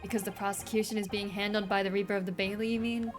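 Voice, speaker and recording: A woman's voice: mid-range voice, little pitch movement, fast, faint music behind, lightly acted. Woman reading as scornful grumbling police inspector. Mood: gruff. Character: brusque middle-aged male police inspector.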